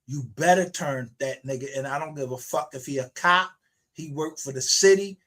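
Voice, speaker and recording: A man's voice: a little high, moderate pace, a bit bright. A man ranting aggressively on a livestream, confrontational and full of profanity. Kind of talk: angry livestream rant.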